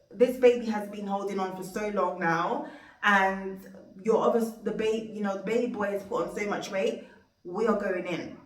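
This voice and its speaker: A young woman telling a personal story in a heartfelt, rambling, faith-filled way. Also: mid-range voice. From Jamaica. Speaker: vlogger. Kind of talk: emotional storytime monologue. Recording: roomy, distant from mic.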